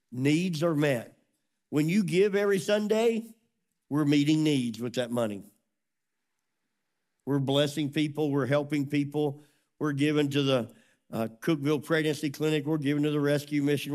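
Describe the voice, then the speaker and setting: A middle-aged man preaching a sermon as a pastor, telling a story with lively acted-out dialogue. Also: mid-range voice. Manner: animated storytelling, acts out dialogue.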